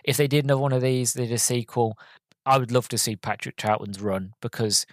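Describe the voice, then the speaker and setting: A man's voice: medium pitch, fairly even intonation, fairly quick, no room sound. A man hosting a podcast, giving a rambling, emotional and enthusiastic film review in a casual monologue. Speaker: podcast host.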